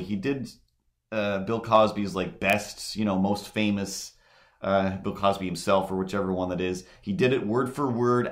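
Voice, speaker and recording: A man hosting a live drawing stream, chatting casually in a rambling way with many fillers and restarts. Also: lowish voice. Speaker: livestream host.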